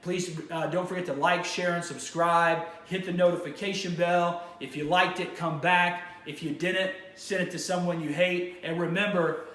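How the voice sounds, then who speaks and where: A man's voice: high voice, fairly even intonation, moderate pace, few pauses, a bit bright. A male vlog host talking enthusiastically to camera, rambling and restarting his sentences. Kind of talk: casual to-camera monologue. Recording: roomy echo with faint ambience.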